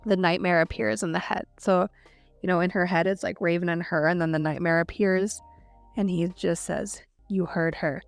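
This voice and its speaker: A woman's voice: on the low side, fairly even intonation, normal speed, vocal fry, no echo, faint music behind. Chatty woman retelling a book plot. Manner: retells scenes with lots of "like", quoting characters. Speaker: podcast co-host. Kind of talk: casual book discussion.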